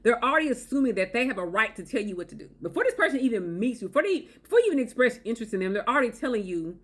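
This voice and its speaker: A woman's voice: fairly high pitch, sing-song, very fast, few pauses. A woman vlogging relationship advice to viewers, emphatic and repetitive, often checking in with "okay?". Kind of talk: direct-to-camera advice talk.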